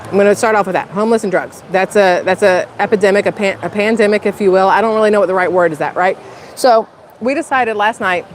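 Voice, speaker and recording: A woman's voice: mid-range voice, quick pace. Chatty vlogger woman, rambling story, faint street noise behind. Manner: chatty, rambling, self-conscious, addresses viewers as y'all. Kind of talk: casual storytelling vlog. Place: outdoors in a public spot.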